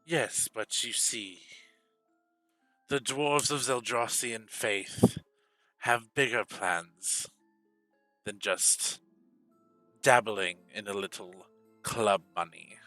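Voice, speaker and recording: Scheming dwarf priest, voiced by a man, smug, menacing, unhurried, dry close sound. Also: on the low side, pushed and bright, dry recording, faint music behind, full character voice, poor audio.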